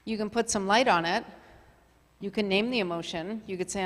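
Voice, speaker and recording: A middle-aged woman leading a community workshop in a relaxed, chatty way, full of fillers and asides. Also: mid-range voice, fairly quick. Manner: chatty, filler-heavy, conversational. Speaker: workshop facilitator. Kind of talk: casual workshop presentation. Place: community meeting hall. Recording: long hall reverb.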